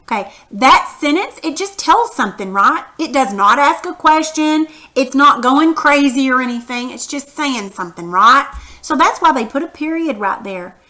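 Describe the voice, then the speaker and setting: A woman's voice: a little high, bright, forceful tone. A woman teaching a punctuation lesson to young children, patient and encouraging, reading example sentences aloud with exaggerated emphasis.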